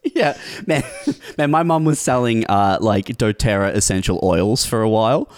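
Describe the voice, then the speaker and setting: A man in casual chat, teasing and asking quick joking questions. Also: on the low side, no room sound, clean studio sound.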